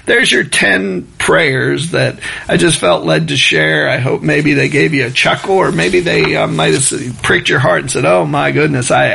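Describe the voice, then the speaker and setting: A man preaching a sermon in a relaxed, conversational way, chuckling as he mimics rushed and loud prayers. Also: fairly high pitch, vocal fry, slightly rough. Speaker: pastor.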